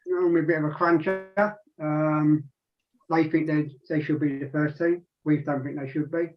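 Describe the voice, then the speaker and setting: A man's voice: on the high side, flat delivery, normal speed, soft background music. A man in his sixties chatting casually on a radio show, rambling with lots of restarts and asides. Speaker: regular panelist. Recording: dull lo-fi sound.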